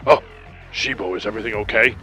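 A man voicing a composed male contact who speaks calmly and formally over the phone during a tabletop game. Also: lowish voice, fast, faint music behind. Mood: curt.

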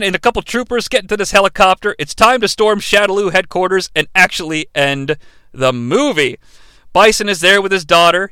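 A man hosting a comedic movie recap, sarcastic and excitable, swearing casually. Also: high voice, clean tone, no echo. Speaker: movie reviewer host.

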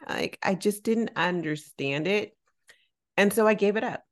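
A woman co-hosting a podcast, telling a personal story in a casual, animated way, acting out quoted dialogue and using slang. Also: mid-range voice, normal speed. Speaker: podcast co-host.

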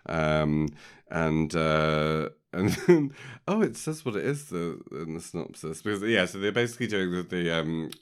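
A man's voice: sits low, expressive, moderate pace, clean tone. A man, chatting casually as a podcast co-host, rambling and jokey with lots of fillers. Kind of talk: casual chat recapping a film.

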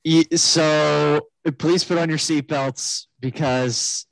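A man's voice: fairly high pitch, fairly even intonation, slow, vocal fry, dry recording, faint music behind, pitched above the performer's own voice, low-quality recording. A man imitating an unsure new pilot rambling through a hesitant cabin announcement. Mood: nervous. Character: nervous, unsure rookie male pilot.

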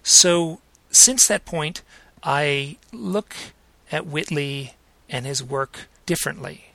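A middle-aged male podcast host talks slowly and carefully, pausing and restarting as he weighs his words. His voice has a gravelly edge with a bright, forward tone. The recording is close and dry, with no room sound. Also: on the high side, dry recording. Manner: measured, cautious, with frequent hesitations and restarts. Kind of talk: reflective spoken introduction.

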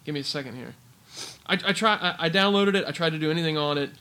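A man with a bright, fairly high voice co-hosts a casual podcast chat. He rants with energy and fills his talk with "like" and "uh". His tone stays loose and conversational. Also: fast talker. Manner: ranting, animated, filler-heavy. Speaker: podcast co-host.

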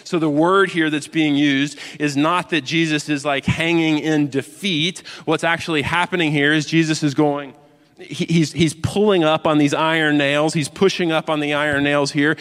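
A man preaching a sermon, moving from quiet explanation to loud, impassioned proclaiming. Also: fairly high pitch, fairly even intonation, normal speed, clear, resonant tone. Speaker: pastor. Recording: long hall reverb.

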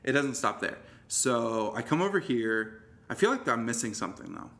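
A man's voice: mid-range voice, sing-song, moderate pace, fairly bright tone. A man in casual conversation, animatedly retelling a story with plenty of swearing and restarts. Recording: roomy echo.

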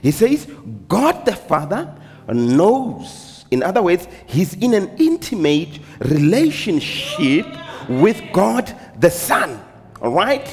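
A man pastor preaching a sermon, calling out hallelujah and amen, swinging between shouted and hushed delivery. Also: sits high, wildly swooping pitch, slow pace, breathy edge, in a large hall.

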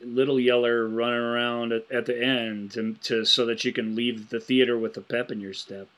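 A man co-hosting a podcast, chatting casually and explaining his thoughts in a measured way. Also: medium pitch, level tone, a bit bright. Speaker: podcast co-host. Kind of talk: casual chat.

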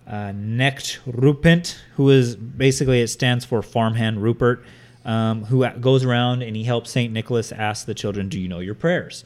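A man co-hosting a casual podcast, rambling through a story with lots of fillers and swearing. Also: mid-range voice. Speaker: podcast co-host.

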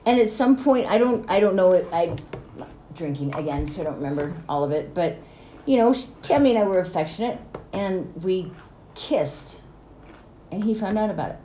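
Brief: woman, lowish mellow voice, casual storyteller who swears and laughs, roomy echo. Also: animated, normal speed. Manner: swears freely, laughs while telling stories. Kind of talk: casual chat. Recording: echoey room with faint noise.

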